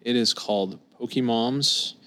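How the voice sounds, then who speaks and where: A man's voice: mid-range voice, measured pace, sharp tone. A man from Scotland chatting casually as a podcast guest, laid-back, swearing freely and laughing easily.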